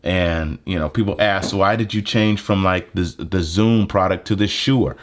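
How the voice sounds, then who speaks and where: A man's voice: sits low, measured pace. A young man casually explaining a phone video-editing setup and a plug-in mic, with lots of fillers. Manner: relaxed, conversational, lots of fillers. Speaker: tech video creator. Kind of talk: casual gear tutorial. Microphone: handheld phone mic.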